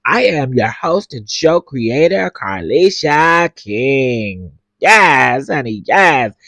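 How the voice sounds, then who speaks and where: A man doing an impression of a pompous male reality-show host who stretches out every phrase in a slow, grand drawl. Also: medium pitch, big pitch swings, bright, forceful tone, no echo, full character voice. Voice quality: slow drawn-out emphatic delivery.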